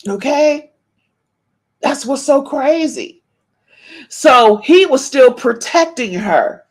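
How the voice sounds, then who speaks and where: A woman's voice: high voice, expressive, slow. A woman hosting a casual live-stream gossip podcast, reading viewers' chat comments aloud and calling out meow to them. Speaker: podcast host.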